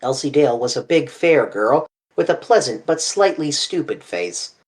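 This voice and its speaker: An audiobook narrator reads a classic novel in a measured, storytelling manner. The pitch rises and falls expressively. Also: expressive.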